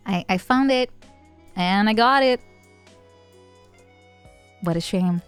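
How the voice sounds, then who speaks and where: A woman VTuber chatting casually on stream, playful and giggly, with sudden bursts of excitement. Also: mid-range voice, moderate pace, long pauses, soft background music.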